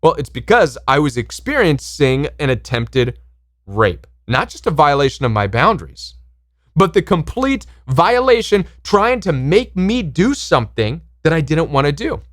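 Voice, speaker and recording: A man's voice: a little high, very animated, a little slow, fairly bright tone, no room sound, studio quality. A man hosting a self-help channel, speaking in an impassioned, emphatic monologue and acting out pushy voices when he quotes people.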